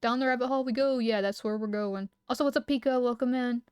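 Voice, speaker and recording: A young woman streaming live, reading lore aloud and chatting with viewers, excitable and quick to laugh. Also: on the high side, smooth, no room sound, studio quality. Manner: excitable, giggly, reacting loudly.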